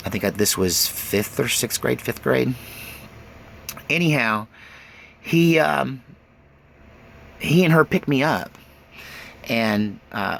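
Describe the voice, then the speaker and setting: A man in his forties telling his life story in an animated, rambling way. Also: lowish voice, vocal fry, a little hiss or hum.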